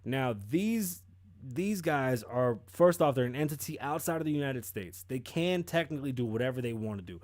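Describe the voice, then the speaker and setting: Male podcast host, casual commentary, profane, animated storytelling, middle pitch, dry close sound. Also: normal speed, no echo.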